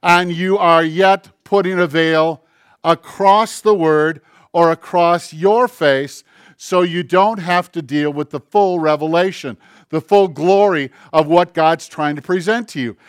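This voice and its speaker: Earnest, slightly high-voiced male preacher. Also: clear, resonant tone, no echo, clean studio sound. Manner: conversational, earnest, slowing on key phrases; acts out dialogue and asides. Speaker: pastor. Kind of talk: sermon.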